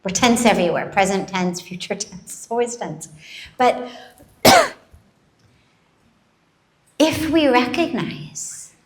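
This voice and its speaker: Woman giving a satsang talk live, slow and measured, dry throat, echoey big room. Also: fairly high pitch. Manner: slow, measured, gently emphatic teaching. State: coughing from a dry throat after singing. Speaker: spiritual teacher. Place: large event hall. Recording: roomy echoing hall.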